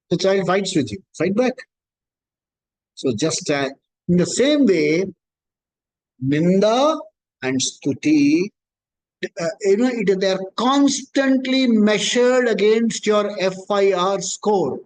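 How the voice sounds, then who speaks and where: A man's voice: high voice, animated, unhurried, pauses often, a little mellow, rough recording. A man gives a scripture discourse as a spiritual teacher, explaining patiently and repeating key points.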